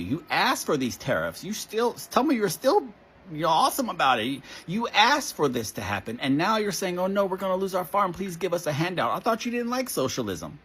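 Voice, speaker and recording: A woman's voice: mid-range voice, breathy edge. A woman delivering an angry, profane social media rant, blunt and accusatory.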